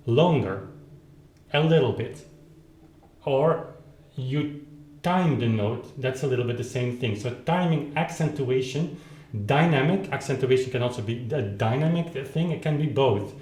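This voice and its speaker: A man's voice: medium pitch, a little mellow. Man teaching at the keyboard, roomy sound. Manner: thinks aloud, restarts, sings rhythms with syllables. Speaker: piano teacher. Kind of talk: demonstrating at the keyboard, explaining. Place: room with a keyboard instrument. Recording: roomy sound, instrument playing between phrases.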